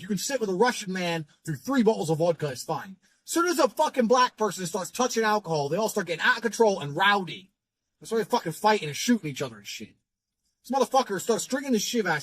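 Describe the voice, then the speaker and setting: A man's voice: high-pitched, breathy edge, no room sound. Brash swearing man telling a story. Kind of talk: profane anecdote telling.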